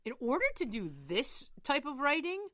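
Wry, exasperated woman with a lively voice. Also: high-pitched, normal speed, no echo, clean studio sound. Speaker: podcast co-host. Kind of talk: casual comedic banter.

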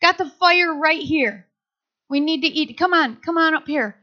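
A woman preacher voicing Jesus gently coaxing someone from the shore. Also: sits high, unhurried, muffled recording. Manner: coaxing, repeating invitations.

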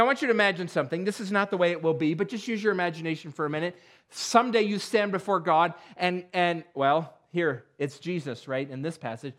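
A male pastor preaching a sermon, telling stories in an animated way and acting out the dialogue with frequent restarts. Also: fairly high pitch.

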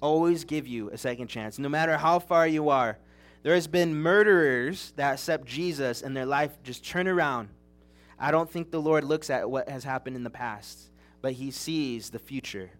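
A young man delivers a sermon in an earnest, chatty storytelling manner, and his voice sits a little higher than most men's. He is from Southern California. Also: moderate pace, fairly bright tone. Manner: earnest, conversational storytelling with restarts. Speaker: preacher.

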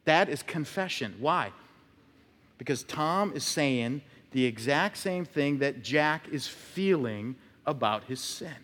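A man's voice: mid-range voice, expressive, takes it slowly, a bit bright. A male pastor preaching a conversational sermon, telling stories and acting out short quotes. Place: church sanctuary. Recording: long church reverb.

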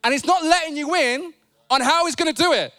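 A man preaching a sermon in a church, animated, playful and conversational. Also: very high-pitched, brisk. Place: church sanctuary.

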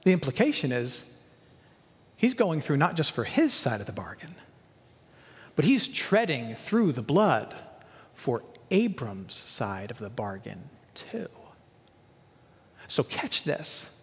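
A man's voice: mid-range voice, wildly swooping pitch, slow pace, long pauses, big-room sound. A male pastor preaching a sermon, emphatic, with repeated lists and rhetorical questions.

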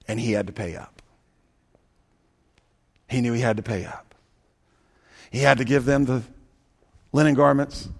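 A male pastor preaching a sermon, telling a story with dramatic swings from loud bursts to hushed lines and dry sarcastic asides. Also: mid-range voice.

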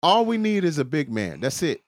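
A man's voice: a little high, huge pitch swings, brisk, a little hiss or hum. A man on a casual group chat, insistent and talking over others to be heard. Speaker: panelist.

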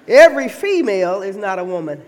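Woman preacher, teasing and animated, lively pitch, church sermon. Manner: playful, teasing, animated delivery.

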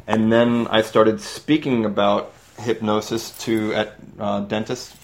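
A man's voice: on the low side, slow pace. A man, a hypnotherapist and dentist, speaking as a guest in a casual radio interview, telling stories about his career with joking asides. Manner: relaxed storytelling, joking asides.

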